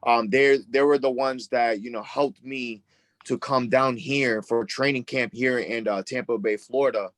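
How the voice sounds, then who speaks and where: A man's voice: medium pitch, fairly even intonation, unhurried, a bit bright, dry recording. A young boxer in his twenties from Worcester, Massachusetts, telling fight stories in a rambling, eager way with lots of fillers. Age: 20s. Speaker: boxer guest. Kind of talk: casual interview chat.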